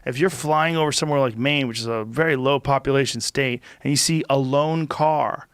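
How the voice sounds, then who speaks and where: Blunt middle-aged male host, mid-pitched, dry close studio mic, opinionated. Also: fairly even intonation, brisk, smooth, no echo. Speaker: podcast host. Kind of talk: casual podcast chat. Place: podcast studio. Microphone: studio microphone.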